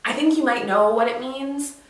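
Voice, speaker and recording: A woman's voice: sits high, normal speed, distant mic. Canadian accent, young woman, chatty vlog talk, laughs a lot, very roomy echo, a bit off-mic. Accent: Canadian English. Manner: chatty, laughing often, trailing off and restarting. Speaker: vlogger. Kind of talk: casual chat to camera. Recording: very echoey room, voice from off-mic.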